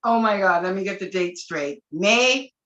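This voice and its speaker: A woman from Canada gushing with excitement and laughter on an online call. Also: medium pitch, unhurried, highs cut off, noisy background. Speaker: participant sharing testimony.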